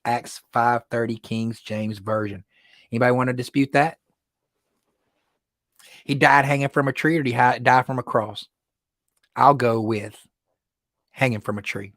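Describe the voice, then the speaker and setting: A man hosting a casual livestream, telling stories in an excitable way, laughing often and repeating words when worked up. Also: mid-range voice, moderate pace, pauses often, dry recording, studio quality. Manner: animated, excitable storytelling with frequent laughs. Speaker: livestream host.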